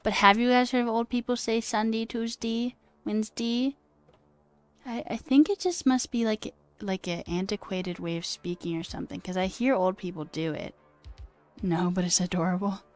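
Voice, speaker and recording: A woman's voice: mid-range voice, fairly even intonation, normal speed, no echo, soft background music. A woman streamer chatting casually with her viewers, trailing off and answering chat as she goes. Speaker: coding livestreamer.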